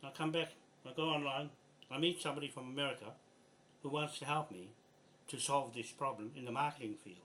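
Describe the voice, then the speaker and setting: A man's voice: mid-range voice, brisk, a bit bright, a little hiss or hum. An older man with a New Zealand accent, speaking bluntly and with exasperation in a frustrated, swearing video message. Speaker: land rights activist.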